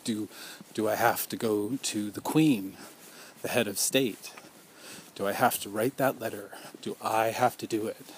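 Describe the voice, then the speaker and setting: A man's voice: lowish voice, steady tone, a little slow, slight background noise. A man speaking out as a survivor in an impassioned personal monologue, earnest and accusing, piling up repeated rhetorical questions.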